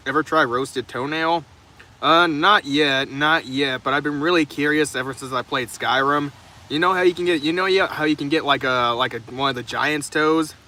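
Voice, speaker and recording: Live streaming in the rain from the open trunk of his car, a young man speaks at a moderate pace in a pushed, bright voice on the high side. He answers viewers' comments in a rambling, profane way, often stumbling and restarting. Faint rain and passing traffic sound in the background.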